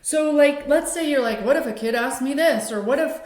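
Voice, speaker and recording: A woman's voice: high voice, normal speed. Earnest woman explaining, echoey room. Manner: earnest, acts out example phrases in a softer gentle voice. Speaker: host. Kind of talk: explanatory talk.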